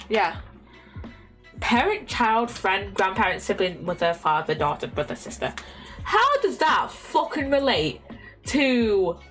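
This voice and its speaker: A woman's voice: mid-range voice, fairly bright tone. A young woman streaming a word-guessing game, swearing constantly and thinking aloud as she tries out guesses. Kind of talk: casual game commentary. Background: faint lo-fi music.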